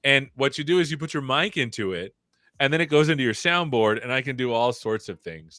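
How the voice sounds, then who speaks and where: A man's voice: mid-range voice, moderate pace, pushed and bright, no room sound, clean studio sound. A man hosting a casual tech livestream, joking around and poking fun at himself. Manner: joking, self-deprecating. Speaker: tech show host.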